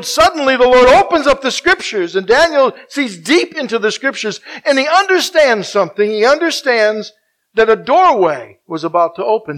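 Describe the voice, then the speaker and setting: A man with a high-pitched voice preaches a sermon from the pulpit. He is emphatic, rising on his key points and slowing right down to stress each verse. Now and then he stops and asks his listeners to fill in the next word. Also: a bit bright. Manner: asks the congregation to finish verses. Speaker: pastor.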